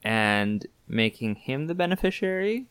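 A man's voice: medium pitch, sing-song, a little slow, fairly bright tone, clean tone, no room sound, studio quality. Joking man, swooping voice. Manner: joking, stammering restarts. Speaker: podcast co-host. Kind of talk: casual chat.

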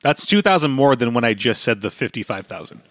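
An excitable man rambles through a loose podcast chat and drops sarcastic asides. His voice sits in an ordinary middle register. It is recorded close and dry, with no room sound. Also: medium pitch, brisk, no room sound. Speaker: podcast co-host. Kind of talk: casual chat.

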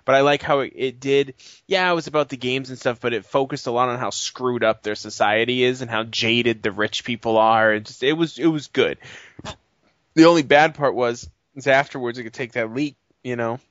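A man's voice: medium pitch, steady tone, moderate pace, a bit bright, no echo. A man co-hosting a podcast, brashly joking and swearing in casual chat. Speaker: podcast co-host. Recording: dull lo-fi podcast audio.

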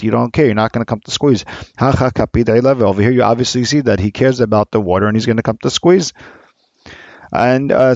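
Man teaching Talmud, gravelly low voice, halting explanations with fillers, dull dry lo-fi recording. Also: a little mellow, no room sound. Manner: halting, many fillers and restarts, mixing Aramaic readings with English explanation. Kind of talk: casual Gemara study class.

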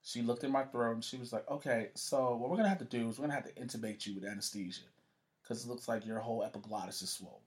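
Profane, animated male storyteller. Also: medium pitch, fast talker. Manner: profane, animated, acts out quoted voices. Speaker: guest telling a story. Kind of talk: casual storytelling in conversation.

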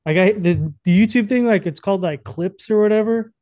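A young man chatting loosely on a podcast, rambling and crude and often breaking into laughter. His voice sits a little high. The sound is dry and close. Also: a little fast, darkish tone, dry recording. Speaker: podcast co-host. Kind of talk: casual chat.

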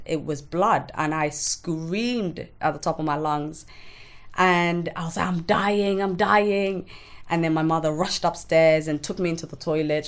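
A woman's voice: deep voice, a bit bright, clean tone. A woman, a podcast guest recounting her own life frankly and bluntly, swearing freely. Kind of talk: candid personal testimony in conversation.

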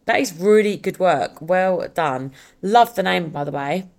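A woman's voice: on the low side, measured pace, a little mellow. A young adult woman hosting a casual solo podcast, chatty and upbeat with rambling asides. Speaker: podcast host.

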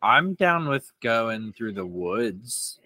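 An easygoing man playing a tabletop game with a bright, clear voice. He chats in a loose, good-humoured way. The sound is dry and close. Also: mid-range voice, very animated, dry recording. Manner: easygoing, quick to laugh. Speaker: player. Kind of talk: casual tabletop game chat.

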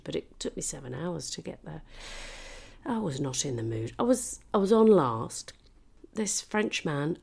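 A British woman comedian tells a comic story in a lively, swooping voice with a gravelly edge. She swears freely and often drops into whispered asides. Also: sits low. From Britain. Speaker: comedian and podcast host.

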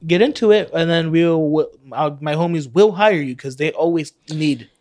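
A man's voice: fairly high pitch, moderate pace, darkish tone. A man hosting a casual podcast chat, joking and laughing often. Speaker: podcast host.

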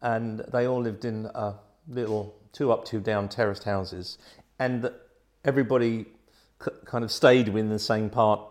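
A man, a guest telling lively anecdotes and acting out the voices in them. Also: fairly low pitch, moderate pace. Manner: animated, acts out voices in his stories. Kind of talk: anecdotal storytelling.

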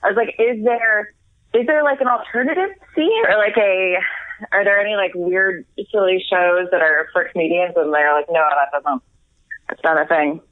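A woman's voice: mid-range voice, animated, no echo. A woman talking on a tinny, dry phone line. She rambles and laughs easily, poking fun at herself as she chats. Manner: rambling, self-deprecating, quick laughs. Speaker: guest comedian. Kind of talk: casual chat.

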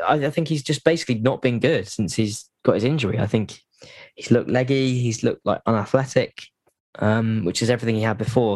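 Chatty man, low and dry. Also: no room sound. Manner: rambling, many restarts and fillers. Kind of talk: casual football chat.

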